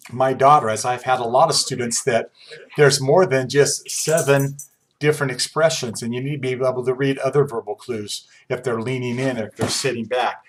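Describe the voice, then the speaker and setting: A man in his forties, a college instructor, giving a fast, conversational lecture full of personal stories. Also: medium pitch. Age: 40s. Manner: fast-talking, conversational, uses personal anecdotes. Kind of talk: classroom lecture.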